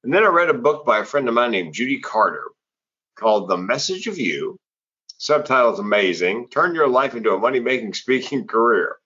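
A middle-aged man with a husky voice, a public speaker and former comedian telling stories in an interview and acting out the people he quotes. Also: mid-range voice, a little fast. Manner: animated storyteller who acts out quoted voices. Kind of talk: conversational storytelling in an interview. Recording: slightly dull, lo-fi audio.

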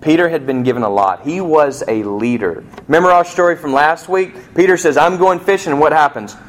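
A man preaching a sermon in a conversational way, asking rhetorical questions and acting out quoted lines, slowing down to stress key points. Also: a little high. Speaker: pastor.

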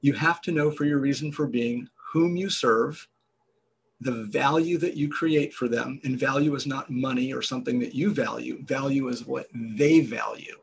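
A man, a business guest on a podcast, explaining ideas in a measured storytelling way. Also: medium pitch, gravelly, a little hiss or hum. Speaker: guest entrepreneur.

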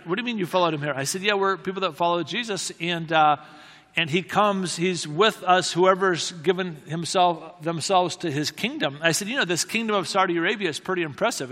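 A man's voice: sits high, pushed and bright. A man from the United States telling a personal story as a sermon, earnest and conversational with frequent restarts. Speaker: preacher. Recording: long hall reverb.

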